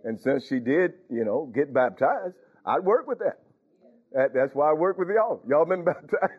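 A man's voice: on the high side, expressive, moderate pace, breathy edge. A man preaching a sermon in a conversational way, often asking the congregation if they follow him. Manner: conversational, questioning the congregation, chuckling. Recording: tinny phone-like recording.

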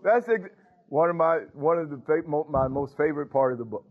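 A man's voice: on the high side, lively intonation, a little fast. A male pastor, preaching a sermon in a folksy call-and-response manner, laughing often. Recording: tinny phone-like church recording.

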